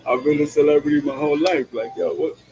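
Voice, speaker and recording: This driving vlogger has a fairly high, creaky, dark-toned voice with fairly even intonation, and he talks fast. Music plays as he rambles casually in slang, dropping "yo" and "you know what I'm saying" and laughing often between lines. The recording is rough.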